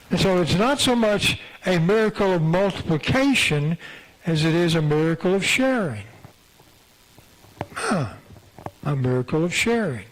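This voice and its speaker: A man's voice: sits high, expressive, moderate pace, rough recording. A man preaching a sermon in a church, conversational and repetitive, with frequent restarts. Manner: conversational, repeats phrases, many restarts. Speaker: pastor. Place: church sanctuary.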